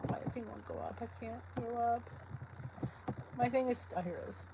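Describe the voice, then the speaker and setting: Her pitch sits fairly high against a noisy background. She's a middle-aged New Jersey woman running a relaxed live weight loss stream from her home, warmly calling out her viewers by name in a chatty, cooing tone.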